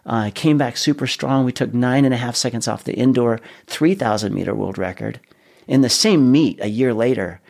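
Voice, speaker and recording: A middle-aged man telling his story in a casual interview, animated, often restarting and repeating his words. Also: medium pitch, moderate pace, gravelly. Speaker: guest.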